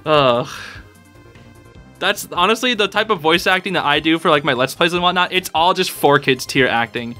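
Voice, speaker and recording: A man hosting a casual podcast, talking in an excitable, rambling way and laughing often. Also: on the high side, fairly quick, few pauses, soft background music. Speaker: podcast host.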